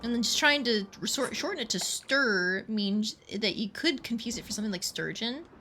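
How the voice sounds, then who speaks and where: A woman's voice: a little high, lively intonation, moderate pace, bright, forceful tone, soft background music. A woman streamer giving playful, chatty commentary while fishing in a game, pleading with the fish. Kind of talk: casual let's-play commentary.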